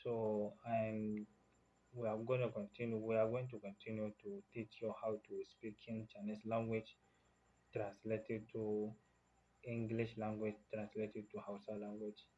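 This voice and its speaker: A man's voice: lowish voice, monotone, dark tone. Nigerian man teaching phrases, lo-fi sound. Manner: repeats phrases slowly, switching between three languages. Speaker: language teacher. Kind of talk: casual language lesson.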